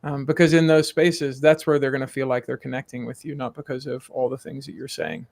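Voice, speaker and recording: A man who works as a curiosity coach, a guest on a sales podcast, talking in a lively way and acting out short exchanges. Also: medium pitch, fairly quick, gravelly. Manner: animated, acts out little dialogues. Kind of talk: conversational podcast coaching talk.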